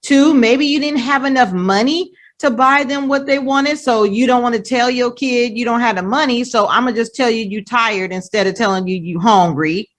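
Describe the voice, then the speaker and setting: A woman co-hosting a talk show in lively casual chat, who often checks in with a rhetorical "right?". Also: a little high, normal speed, few pauses.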